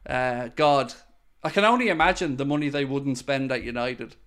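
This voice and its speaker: A man's voice: medium pitch, unhurried, fairly bright tone, clear, resonant tone. A man hosting a casual live-stream podcast, answering viewer comments bluntly and swearing when worked up.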